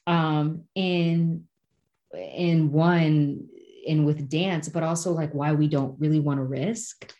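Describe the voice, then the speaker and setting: Woman, low voice, casual podcast chat, reflective, animated, restarts sentences. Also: slow pace, muffled recording.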